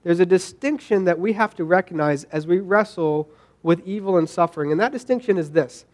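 Man, pastor, sermon, high voice, conversational, restarts often. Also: brisk. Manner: conversational, with repeated restarts and asides to the congregation.

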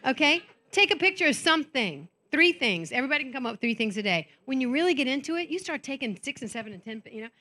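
Lively high-voiced woman preaching. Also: fast talker, few pauses. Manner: animated, conversational, acts out inner voices. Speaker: conference speaker. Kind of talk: motivational faith talk to an audience. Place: conference stage.

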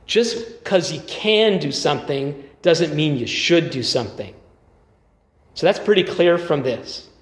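A man's voice: fairly high pitch, animated, a little slow. A man preaching a sermon as pastor, conversational, thinking aloud with dry asides. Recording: echoey church hall reverb.

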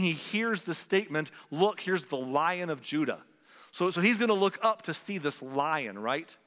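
A man preaching a conversational sermon, asking rhetorical questions and slowing down for dramatic emphasis. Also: a little high, sharp tone, in a large hall. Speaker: pastor.

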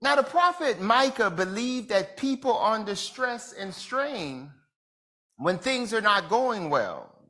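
A man preaches as a pastor, taking his time over each phrase. His bright, ringing tone rises and falls in wide swoops, and he poses rhetorical questions to the congregation. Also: high voice. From Jamaica. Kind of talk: sermon lecture.

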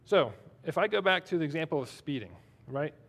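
A man's voice: a little high, expressive, brisk, vocal fry. A man preaching a sermon in a conversational, self-deprecating way, reading scripture aloud between his own remarks. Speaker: pastor.

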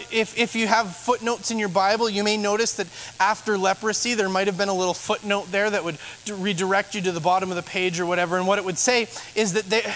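A man's voice: high voice, a bit bright, a little hiss or hum, low-quality recording. A man, a pastor, preaching a sermon in a conversational way, asking rhetorical questions.

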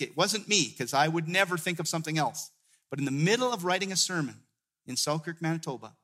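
Man preaching a personal story. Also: mid-range voice. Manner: storytelling, many restarts, drops to a hushed tone in emotional moments. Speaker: guest pastor.

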